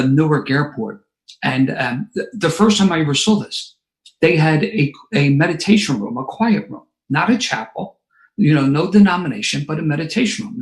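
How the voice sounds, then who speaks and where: A man, telling a personal story to a recovery meeting with lively, sarcastic asides. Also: on the high side, rough recording. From Philadelphia area.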